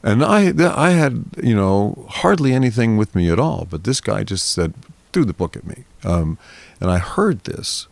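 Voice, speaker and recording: A very low-voiced man with a gravelly, creaky edge tells a winding personal story in relaxed conversation. He slips into other people's voices as he goes. The sound is dry and close. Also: normal speed, no room sound. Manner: rambling anecdotal storytelling, acts out quoted voices. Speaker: interview guest. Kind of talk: casual storytelling in a therapy interview.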